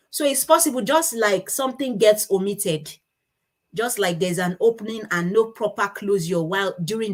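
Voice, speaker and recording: A woman giving a conference talk with slides, explaining step by step and stopping to correct herself. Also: medium pitch. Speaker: conference speaker on child speech disorders.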